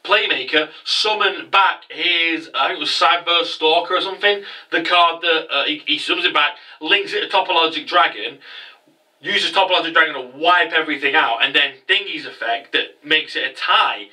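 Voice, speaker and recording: A man hosting a casual anime recap vlog, excitable and sweary with quick asides. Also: a little high, far from the mic, poor audio. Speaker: anime review host.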